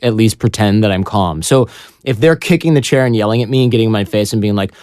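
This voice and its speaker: A man as a podcast guest, telling a story in a casual, animated way and acting out what others said. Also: fairly low pitch, normal speed, clean tone, dry recording, clean studio sound. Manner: animated storyteller who acts out quoted voices.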